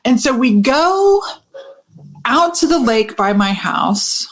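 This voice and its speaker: Animated woman telling a story. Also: fairly high pitch. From Texas. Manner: animated, swearing freely, quick asides. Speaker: business coach. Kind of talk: casual storytelling to camera.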